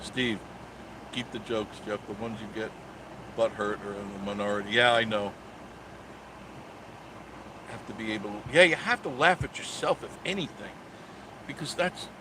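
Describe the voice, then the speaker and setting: A man's voice: mid-range voice, background noise. A man in his sixties hosting a live stream, chatting casually and joking sarcastically as he reads viewer comments. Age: 60s.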